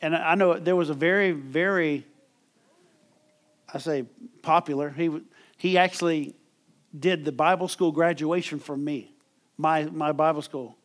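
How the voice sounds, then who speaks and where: A man's voice: fairly high pitch, steady tone, unhurried, long pauses. A middle-aged man preaching a sermon as pastor, emphatic and calling for amens from the congregation. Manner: emphatic preaching with call-and-response.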